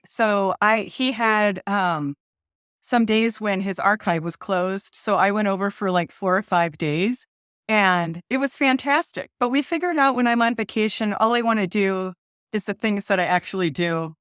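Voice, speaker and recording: A woman's voice: mid-range voice, fairly bright tone, no room sound. Woman author from Ohio, bubbly guest, laughs easily, dry close sound. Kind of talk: casual interview chat.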